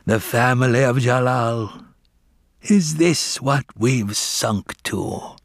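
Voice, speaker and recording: A man doing a croaking old cat elder. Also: mid-range voice, expressive, slow, no echo, studio quality, pitched above the performer's own voice. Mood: weary. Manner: croaking, pleading. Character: old male cat elder, weary and proud.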